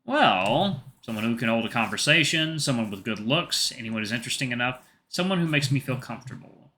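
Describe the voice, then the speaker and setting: Visual novel role: a man reading a bashful, joking young guy, bright sharp voice, lively. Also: medium pitch, fairly quick. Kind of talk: visual novel read aloud.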